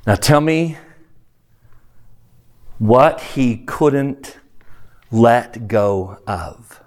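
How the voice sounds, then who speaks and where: A man's voice: medium pitch, very slow. A man leading a class discussion of a book, reading aloud and asking the group questions. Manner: questioning, animated.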